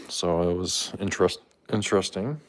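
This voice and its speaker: Deep-voiced man chatting on a live stream. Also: steady tone, measured pace. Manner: talks to his cats in a high playful voice; reads out and thanks viewers. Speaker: livestream host. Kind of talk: casual live stream chat.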